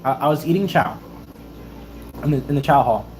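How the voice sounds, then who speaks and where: A young man in his twenties, a Navy sailor and YouTuber, casually telling stories in a livestream Q&A and acting out other people's excited voices. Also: on the high side, fairly quick. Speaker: YouTuber and Navy sailor answering viewer questions.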